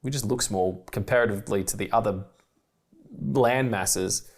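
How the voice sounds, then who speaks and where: Male podcast co-host from Australia, talks fast and manically, casual, sweary film-commentary rambler. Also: on the low side. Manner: rambling, excitable, swears freely, laughs often.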